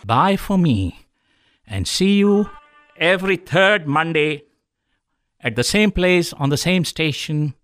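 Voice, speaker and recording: A man hosts a radio health show as a doctor, rattling off corny jokes about hearts and patients. His voice sits a bit high for a man. It is recorded dry and close, with no room sound. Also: expressive, slow, pauses often, a bit bright, no room sound, soft background music. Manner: corny jokes, addresses listeners as folks. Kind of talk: joke-filled radio talk.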